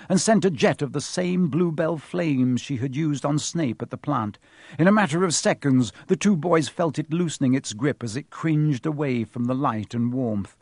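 A man narrating a storybook aloud with a husky voice, reading expressively and giving each character a voice. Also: fairly high pitch, no room sound, clean studio sound.

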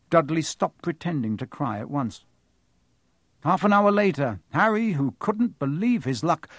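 A man reading a novel aloud as an audiobook, in an expressive, animated storytelling manner. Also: mid-range voice, no room sound, clean studio sound. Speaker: narrator. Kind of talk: audiobook narration.

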